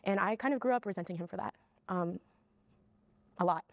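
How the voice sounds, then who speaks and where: A woman's voice: fairly low pitch, fairly quick, dry recording. A young woman tearfully and earnestly sharing a personal story in a group discussion. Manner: emotional, earnest. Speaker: panel participant.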